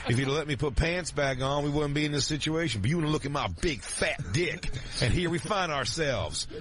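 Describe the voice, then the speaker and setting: A man's voice: on the high side, a little fast, music in the background. Crude rambling male comedy host. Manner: crude, rambling, laughs often. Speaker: podcast host. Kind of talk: casual comedic chat.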